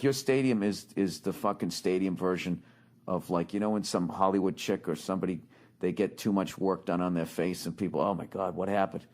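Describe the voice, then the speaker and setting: Middle-aged male podcaster, swears freely, rambling animated storyteller. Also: deep voice. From United States. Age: 40s. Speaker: podcast host. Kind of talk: casual comedic monologue.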